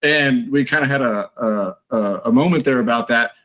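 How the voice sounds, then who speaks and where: A man's voice: medium pitch, normal speed, fairly bright tone, low-quality recording. A man with a mid-range voice tells a story as an interview guest. He talks in a loose, chatty, anecdotal way, looping back over his words as he goes. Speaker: guest, retired Marine.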